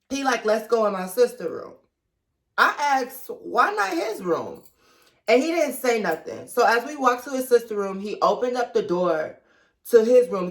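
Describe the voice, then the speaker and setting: Young woman, storytime vlogger, slow and chatty, confiding, dramatic. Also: fairly high pitch, fairly bright tone. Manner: chatty, confiding, dramatic retelling, talks to viewers as girl and baby. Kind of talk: storytime vlog.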